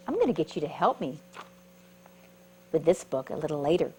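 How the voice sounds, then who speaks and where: Animated woman reading a children's story. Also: deep voice, a little fast, slight background noise, rough recording. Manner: animated, asks the listeners questions. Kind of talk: children's storytime read-aloud.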